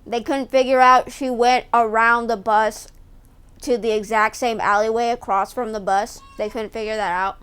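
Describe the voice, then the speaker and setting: A young woman streaming live, reacting to a video with loud, profane, joking commentary. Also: a little high, fairly even intonation, moderate pace, clean tone. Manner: loud, profane, mocking jokes and frequent laughs.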